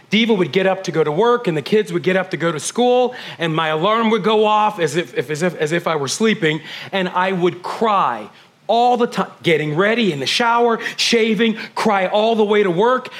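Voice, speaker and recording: A middle-aged man preaching a sermon as pastor, swinging from loud emphatic declarations to hushed, almost whispered passages. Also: high-pitched, expressive, normal speed.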